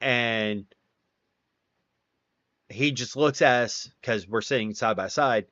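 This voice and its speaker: A man's voice: medium pitch, slow pace, a bit bright, no room sound. A man unhurriedly spinning crude stories on a casual chat stream and voicing everyone in them himself. His sound is dry and close, with a dull, lo-fi edge. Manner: profane, wry storyteller acting out quotes. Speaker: streamer, host.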